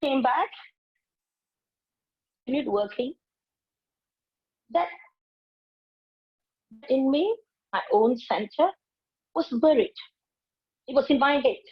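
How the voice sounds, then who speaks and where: A woman's voice: high-pitched, animated, slow pace, long pauses, breathy edge, highs cut off. A woman, giving a motivational speech and telling stories expressively, acting out her own inner voice. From Malaysia. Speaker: invited speaker, public speaking teacher.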